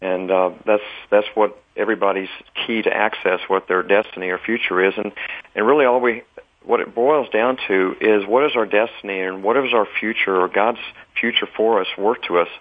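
A man speaking as a guest on a religious talk program, earnest and measured, restarting his sentences. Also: fairly low pitch, fairly even intonation, narrow, tinny audio. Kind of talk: religious talk show conversation.

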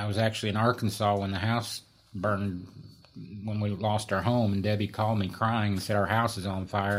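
A man in middle age recounts a personal story as a guest, his voice sitting somewhat low. He talks in an animated, self-mocking way. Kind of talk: conversational storytelling.

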